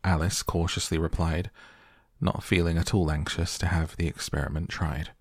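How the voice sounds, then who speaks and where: A man narrating a storybook in a soft, slow, calm bedtime manner. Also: low-pitched, breathy edge, no echo, studio quality. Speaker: audiobook narrator.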